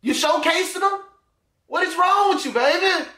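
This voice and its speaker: A man's voice: extremely high pitch, moderate pace, bright, forceful tone. A young man giving loose, crude, teasing commentary as he reacts on his own channel. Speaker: YouTuber. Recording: echoey room.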